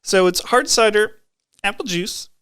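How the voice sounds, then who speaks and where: A man's voice: high voice, animated, a little slow, fairly bright tone, smooth. Easygoing young man co-hosting. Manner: easygoing, informative, slightly jokey. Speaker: podcast co-host. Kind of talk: casual chat.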